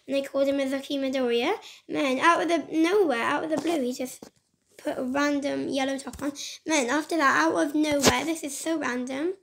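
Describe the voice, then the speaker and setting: A woman's voice: high voice, fairly even intonation, a little fast, vocal fry, background noise. A woman casually retelling a game story in a rambling, scattered way, recorded on a phone mic. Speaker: gaming vlogger.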